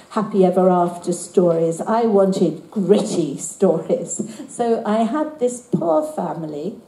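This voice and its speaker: A woman's voice: mid-range voice, mellow. An older woman, an author telling childhood stories to an audience in a wry, self-deprecating way. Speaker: author speaking at a book event. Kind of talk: storytelling talk to an audience. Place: hall at a book event. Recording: roomy hall with faint ambience.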